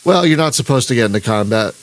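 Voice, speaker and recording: A man's voice: medium pitch, lively intonation, fast. Rambling man narrating his gameplay. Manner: rambling, self-interrupting, chuckling. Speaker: gaming channel host. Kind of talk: live-streamed gameplay commentary.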